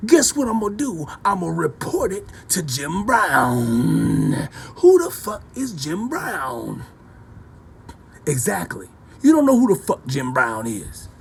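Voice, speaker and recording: A man delivering a loud, rambling, profane rant to camera in a preachy tone, repeating himself as he goes. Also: on the high side, huge pitch swings, takes it slowly, vocal fry, breathy edge. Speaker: vlogger.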